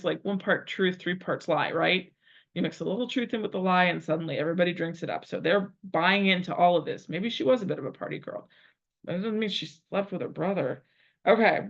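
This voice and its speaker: A woman teaching a Latin translation lesson, thinking aloud and repeating phrases as she works out each line. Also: lowish voice. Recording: dull lo-fi recording.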